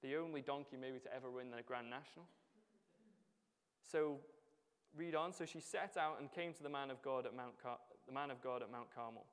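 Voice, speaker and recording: A man preaching a sermon at an ordinary middle pitch, his voice trailing off into the long reverb of a church hall. He keeps it conversational and tags his points with questions to the congregation. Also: normal speed, clean tone. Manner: conversational, with frequent rhetorical tag questions.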